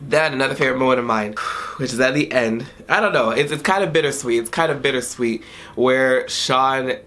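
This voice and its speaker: A young man in his twenties talks through a game he just finished, his voice tearful and worn. He speaks in halting bursts, trailing off and starting over as he tries to collect himself. It sounds like a casual home vlog in a dim room. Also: medium pitch, a bit bright, slight background noise. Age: 20s. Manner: emotional, halting, trailing off and restarting. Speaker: gaming YouTuber. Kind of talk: emotional video game review vlog.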